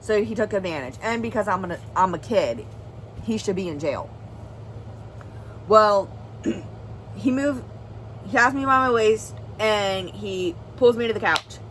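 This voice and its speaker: A woman's voice: mid-range voice, lively intonation, unhurried, pauses often, fairly bright tone, a little hiss or hum, rough recording. A young woman vlogger telling a serious personal story in an earnest, rambling way, full of "like" and "well". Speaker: family vlogger.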